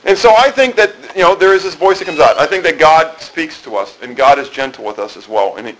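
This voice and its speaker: A man's voice: a little high, lively intonation, brisk, fairly bright tone, a little hiss or hum, rough recording. A middle-aged man preaching a sermon in a conversational way, asking the congregation questions and often repeating and restarting phrases. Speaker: pastor.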